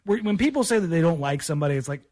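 Blunt, fairly high-voiced radio co-host. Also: male voice, expressive, very fast, darkish tone. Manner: blunt, emphatic, repeats himself. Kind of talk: sports talk radio chat.

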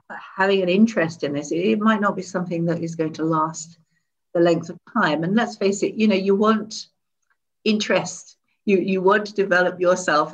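A woman talking in an interview as a guest expert, animated, laughing often and demonstrating tones of voice while seated. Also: lowish voice, poor audio. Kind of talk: conversational interview. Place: seated indoors.

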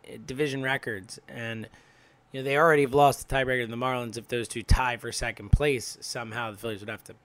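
A young man hosting a casual sports talk, ranting in frustration, his voice swinging from loud outbursts to quiet mutters. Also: medium pitch, no room sound. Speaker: sports podcast host. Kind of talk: casual sports commentary monologue.

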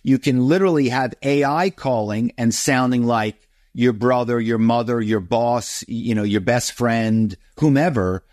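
A man's voice: mid-range voice, unhurried, darkish tone, no echo, studio quality. A middle-aged man, a guest author, telling stories in an interview and acting out phone calls in other voices. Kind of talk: interview storytelling.

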